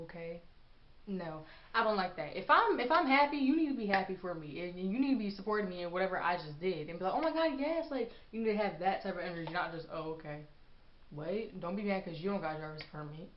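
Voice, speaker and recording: A young woman telling a personal story in a casual vlog, animated and sassy as she acts out what people said. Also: medium pitch, slight background noise. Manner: animated, acts out quotes with sass. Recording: echoey room, dull lo-fi sound.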